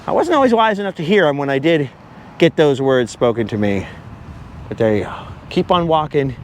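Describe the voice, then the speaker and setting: A man's voice: fairly high pitch, lively intonation, fairly quick, a little hiss or hum. A man vlogging as he walks along a beach outdoors, talking at length and wandering off topic as he goes. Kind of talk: rambling walk-and-talk monologue.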